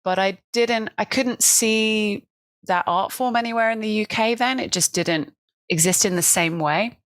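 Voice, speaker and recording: A woman's voice: medium pitch, a little slow, fairly bright tone, dry recording. A woman chatting casually as a podcast guest, self-mocking and laughing often. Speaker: guest improviser.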